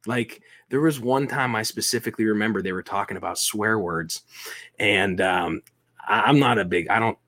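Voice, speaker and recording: A man, a toy collector and interview guest, telling stories in an animated, self-deprecating, rambling way. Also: lowish voice, moderate pace. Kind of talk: casual interview storytelling.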